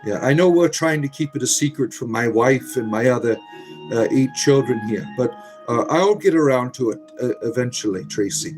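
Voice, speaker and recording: A man's voice: mid-range voice, lively intonation, normal speed, over music, natural voice. A man playing a flippant deadbeat dad making excuses about child support, in a mocking tone close to his own voice.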